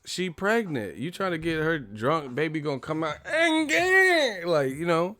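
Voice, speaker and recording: A man's voice: fairly high pitch, sing-song, normal speed, few pauses, sharp tone. A man hosting a livestream, ranting comedically in a loose, profane way and laughing often. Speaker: livestream host.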